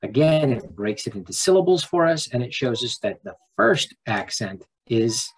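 A man teacher talking students through a screen-recorded lesson in a relaxed, folksy way with frequent restarts. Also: mid-range voice, moderate pace, breathy edge, poor audio.

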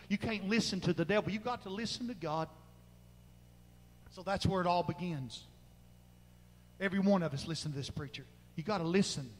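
A male pastor preaching a fervent sermon, moving between shouted exhortation and quiet, low asides. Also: big-room sound, slight background noise, low-quality recording. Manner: fervent, swings from loud crying out to low murmurs. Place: church sanctuary.

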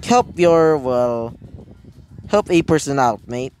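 A man's voice: mid-range voice, expressive, slow pace, a little mellow, soft background music, rough recording. A man voicing a cheeky teenage girl, a former villain turned hero student, talking breezily and chuckling at herself in a fan story. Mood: breezy. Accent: claims British but sounds unchanged.

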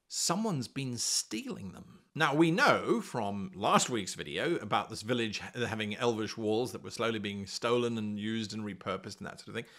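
A man giving tutorial advice on game mastering, explaining in a chatty, animated way. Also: fairly high pitch. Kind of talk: tutorial talk to camera.

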